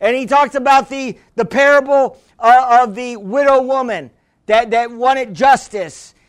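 High-voiced man preaching a fervent sermon. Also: measured pace. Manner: fervent, builds to shouts, calls for a witness.

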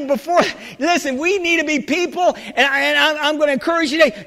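A man preaching in a very high voice, fervent and often breaking into shouts, stumbling over restarts as he builds. His words ring out with a long reverb, as in a church hall. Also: a little fast, few pauses. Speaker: pastor. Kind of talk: sermon.

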